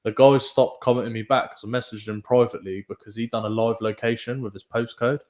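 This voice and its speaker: A man's voice: medium pitch, fairly even intonation, quick pace, a little mellow. A man telling stories in a casual podcast chat, swearing often and laughing as he talks. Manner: profane, laughing storyteller. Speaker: podcast co-host.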